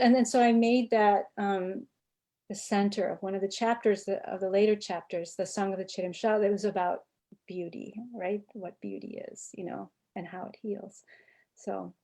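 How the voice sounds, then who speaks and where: A woman anthropologist telling a personal story on a video call, animated and often restarting her sentences. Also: mid-range voice, moderate pace. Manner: animated, self-interrupting storyteller. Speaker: anthropologist and author, guest.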